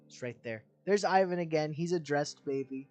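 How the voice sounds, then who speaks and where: A man's voice: a little high, normal speed, a little mellow, soft background music. Rambling, candid young male streamer. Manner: rambling, candid, with frequent fillers and swearing. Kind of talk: casual gameplay commentary.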